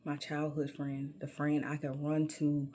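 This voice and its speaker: A woman's voice: low-pitched, monotone, a little slow, mellow, slight background noise. Sassy woman telling her life story. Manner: sassy, emphatic, calls listener baby. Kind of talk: personal storytelling monologue.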